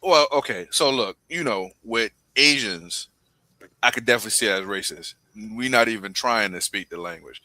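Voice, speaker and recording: A man's voice: on the low side, lively intonation, moderate pace, pushed and bright, no echo, poor audio. A male podcast co-host arguing his point emphatically in casual chat. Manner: argumentative, emphatic.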